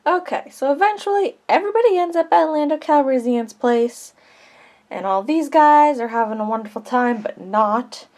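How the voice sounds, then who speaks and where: A woman's voice: sits high, animated, normal speed, darkish tone, no echo. A woman casually recapping a movie with toy figures, chatty and rambling, full of jokey asides. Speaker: vlogger.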